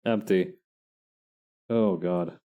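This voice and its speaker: A young man casually chatting while he makes digital art, self-mocking and quick to laugh. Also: deep voice, smooth, phone-quality sound. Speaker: digital artist streamer. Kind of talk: casual narration while drawing.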